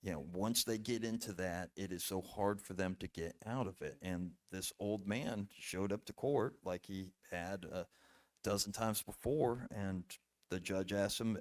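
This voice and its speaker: A man with a very low, deep voice tells stories as a podcast guest. He speaks earnestly and haltingly, restarting phrases and using fillers as he goes. He sounds middle-aged. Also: fairly even intonation. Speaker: podcast guest, former bailiff. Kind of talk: casual storytelling conversation.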